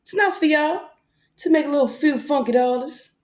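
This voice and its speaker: A high-voiced woman with a Black way of speaking, a self-styled preacher, delivers an impassioned, defiant monologue at normal speed, confronting her accusers. She breaks into gospel-style singing along the way. The recording has a roomy echo with music playing behind her.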